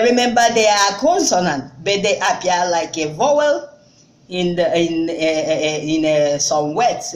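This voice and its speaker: A woman with a Nigerian accent, a native Igbo speaker, giving an informal spoken language lesson with many fillers and restarts, and repeating words slowly for learners. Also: mid-range voice. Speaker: language tutor. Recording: echoey room.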